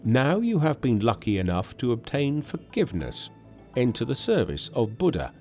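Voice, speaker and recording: A man voicing a stern old male sage alchemist in an audiobook reading, speaking slowly in a scolding, stately way. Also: medium pitch, wildly swooping pitch, darkish tone, soft background music.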